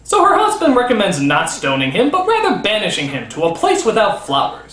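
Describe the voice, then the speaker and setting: A man's voice: sits high, wildly swooping pitch, brisk, sharp tone, reverberant. A man hosting a comedic film review, ranting and swearing in exasperation. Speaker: host.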